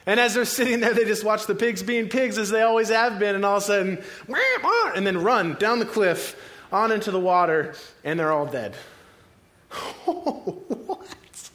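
A male preacher retelling a scripture story vividly, like a film scene, with dramatic pauses. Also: high voice, a bit bright.

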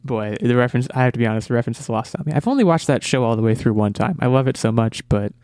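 A man's voice: medium pitch, expressive, racing, darkish tone, dry recording, studio quality. A man hosting a casual movie podcast, talking eagerly and often repeating words as he restarts. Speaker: podcast host.

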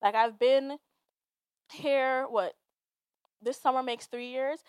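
A woman's voice: high-pitched, takes it slowly, smooth, no room sound. A woman hosting a solo podcast, talking in a casual, chatty rant full of "like"s. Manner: chatty and animated, many "like"s and frequent laughs. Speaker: podcast host.

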